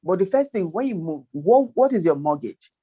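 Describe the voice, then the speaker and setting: A woman's voice: on the low side, sing-song, normal speed, warm tone, husky. A woman guest, a financial planner, giving emphatic advice in a panel chat, running through percentages and firing off rhetorical questions. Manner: emphatic, lists figures, asks rhetorical questions. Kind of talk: advice talk.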